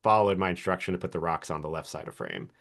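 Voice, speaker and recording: A man walking through a software demo on a live stream, relaxed and chatty, laughing often. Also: low voice, fast talker, vocal fry. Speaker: guest video creator.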